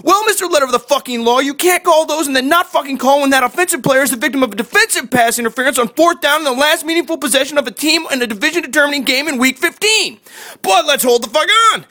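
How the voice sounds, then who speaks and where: A man's voice: very high voice, pushed and bright. A man delivering a scripted comedic sports rant, profane, sarcastic and exasperated. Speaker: sports fan ranter.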